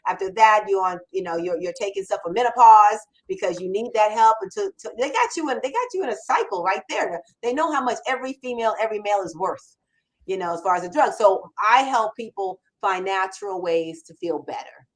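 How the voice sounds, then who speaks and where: Hosting a live Q&A chat, a woman who mentors copywriters talks in a conversational, emphatic way and often restarts her sentences. The mid-range voice has lively intonation, moves fairly quickly, and the audio is poor.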